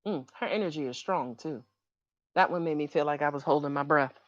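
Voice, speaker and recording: Speaking low and briskly with slight background noise, a woman does a livestream tarot reading in dull lo-fi audio. She grows emotional and keeps asking her audience to confirm what she says.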